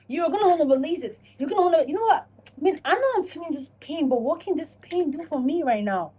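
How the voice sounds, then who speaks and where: A woman talking casually to camera in a self-reflection vlog, animated and profane, acting out her own inner dialogue. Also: high-pitched, quick pace. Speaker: vlogger.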